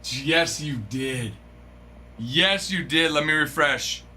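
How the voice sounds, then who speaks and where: A man hosting a live card-opening stream, chatting excitably and breaking into yells of delight. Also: a little high, takes it slowly, slight background noise.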